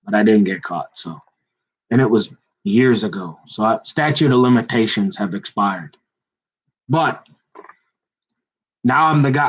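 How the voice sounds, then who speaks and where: A middle-aged pastor delivers a sermon that wanders into a rambling personal story, told in a chatty, joking, self-mocking manner. His voice is mid-range and the audio sounds dull.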